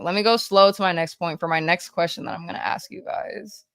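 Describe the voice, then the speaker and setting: A woman livestreaming, reading chat messages aloud in a hyper, rapid-fire, casual way with frequent swearing. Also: lowish voice, fairly bright tone, no echo.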